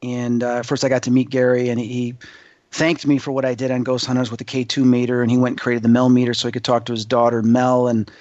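A male guest telling an excitable, rambling story as a paranormal investigator, acting out other people's voices. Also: mid-range voice, fast talker, no room sound, lo-fi sound. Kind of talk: animated anecdote storytelling.

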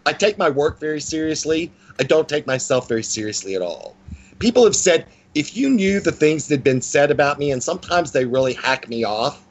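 A man's voice: fairly high pitch, expressive, a little fast, muffled recording. Blunt, playful man in his sixties. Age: 60s. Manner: blunt, playful and self-mocking. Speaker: guest psychic. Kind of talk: casual interview talk.

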